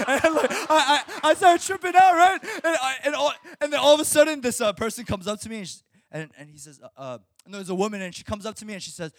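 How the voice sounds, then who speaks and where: A young man, a high school pastor, preaching and telling a personal story with lots of laughter and restarts. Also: quick pace, hardly any pauses, fairly bright tone, no echo, clean studio sound. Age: young adult. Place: Chicago suburbs.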